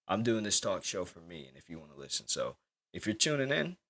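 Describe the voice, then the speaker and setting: A young man hosting his own talk show, with a very low-pitched voice. He rambles and swears freely, restarting sentences as he tells stories in loose casual chat. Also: very animated, a little fast, pushed and bright, husky. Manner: rambling, profane, loose storytelling. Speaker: podcast host.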